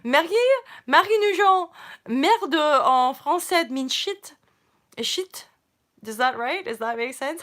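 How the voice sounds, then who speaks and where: A woman talks loosely and at length to her viewers, drifting between spiritual ideas and blunt swearing. Her voice sits a little high and sounds bright and forward. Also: unhurried. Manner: rambling, swears freely, mocks herself in quoted voices. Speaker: spiritual vlogger. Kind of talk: casual livestream chat.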